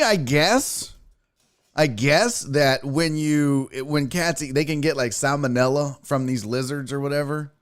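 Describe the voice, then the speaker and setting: Animated, chatty male show host. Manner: animated storytelling, acts out cat and himself in high voices. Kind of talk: casual rambling monologue.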